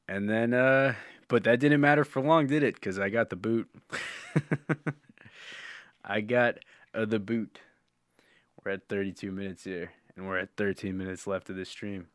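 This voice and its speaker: A man's voice: fairly low pitch, moderate pace, a bit bright, dry recording, studio quality. A man hosting a podcast, chatting casually in a rambling, profane way and laughing often. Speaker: podcast host. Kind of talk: casual live-stream chat.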